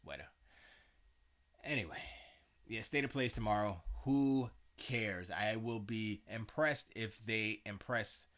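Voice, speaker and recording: Male streamer, lowish bright voice, loose rambling chat, sounds tired. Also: measured pace. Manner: meandering, self-correcting, loose slangy talk with frequent fillers. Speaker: livestream host. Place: home studio.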